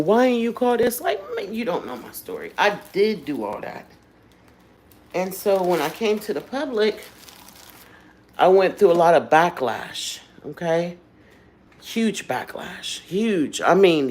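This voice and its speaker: Low-voiced woman chatting on a livestream. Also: darkish tone, low-quality recording. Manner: emotional, candid, addresses viewers directly. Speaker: livestream host. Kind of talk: casual livestream chat with viewers.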